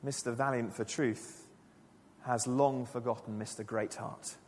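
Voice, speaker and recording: A man preaching a sermon to his church, earnest and emphatic, dropping his voice low and quiet for key lines. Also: steady tone, unhurried, a little hiss or hum. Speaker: pastor. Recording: long church reverb.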